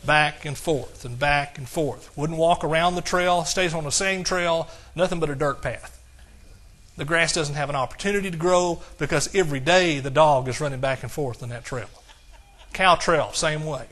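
A male pastor preaching an exuberant sermon, shouting praise and reading scripture slowly and emphatically. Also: a little high.

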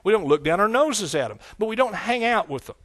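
A male preacher with a somewhat high voice delivers a sermon to his church in a homespun, conversational way. He slips into stronger, emphatic stretches and leans on call-and-response asides. The sound is close and dry, with little room around it. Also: very animated, fairly quick, a bit bright, no echo. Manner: folksy, rising to emphatic preaching with scripture quotes. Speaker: pastor. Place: church sanctuary.

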